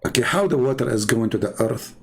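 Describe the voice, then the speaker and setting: A man's voice: medium pitch, lively intonation, fast, gravelly, slightly rough. A man speaking in mocking, sarcastic commentary in non-native English, drawing on screen as he talks.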